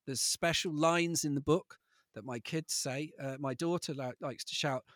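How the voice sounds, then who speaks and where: A man's voice: a little high, normal speed, dry recording, clean studio sound. A man in his thirties, a comedian telling funny stories and acting out voices. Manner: animated, acts out voices and quotes. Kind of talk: comic storytelling.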